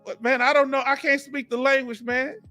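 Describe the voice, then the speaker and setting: A man's voice: extremely high pitch, level tone, fairly quick, sharp tone, soft background music. A man from Houston with a Southern Texas accent, hosting a casual live stream and joking with his viewers, laughing often. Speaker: veteran livestream host.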